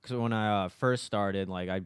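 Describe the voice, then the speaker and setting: A man in his twenties co-hosting a podcast, chatting casually and haltingly with lots of fillers and swearing. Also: lowish voice, smooth, no room sound. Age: 20s. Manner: laid-back, halting with many fillers and swearing. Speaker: podcast co-host. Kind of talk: casual chat.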